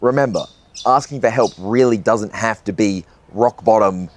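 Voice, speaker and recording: Earnest, low-voiced young man musing. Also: normal speed, no room sound. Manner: earnest, conversational, casual swearing. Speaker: video essayist. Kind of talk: reflective vlog monologue.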